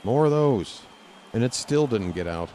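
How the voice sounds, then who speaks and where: A man streaming live gameplay from a lounge chair at home, talking to the game and reacting loudly as he plays. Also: mid-range voice, expressive, unhurried, slight background noise. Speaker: gaming streamer.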